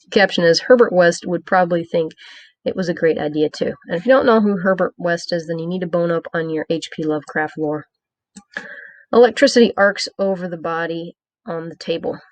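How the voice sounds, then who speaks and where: A woman with a fairly low voice reads her own episode review aloud. She moves through the plot summary with wry, sarcastic asides and small stumbles. The sound is close and dry. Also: no echo. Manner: reads from a script with small hesitations. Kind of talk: read-aloud review with commentary.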